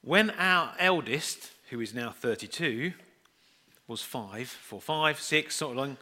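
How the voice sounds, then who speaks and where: A man's voice: mid-range voice, expressive, takes it slowly, sharp tone. A middle-aged man preaching a sermon, telling chatty, self-deprecating family stories and acting out the voices in them.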